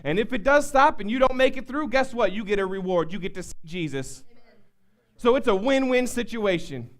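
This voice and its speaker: A man's voice: very high voice, expressive, a little fast. A male pastor preaching an emphatic sermon, repeating words as he builds up.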